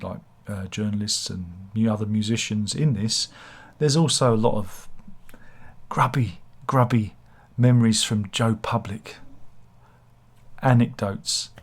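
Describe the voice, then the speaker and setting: A man's voice: on the low side, measured pace. A man, hosting a casual book review channel, rambling with sardonic, self-mocking humor. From England.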